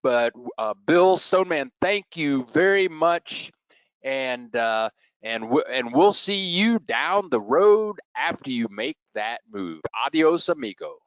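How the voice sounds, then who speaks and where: A man hosts his own channel and asks questions slowly, with many ums and uhs. His fairly high voice rises and falls a lot. The sound is dry and close. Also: very animated, no echo, highs cut off. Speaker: YouTube channel host and interviewer. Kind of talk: casual interview.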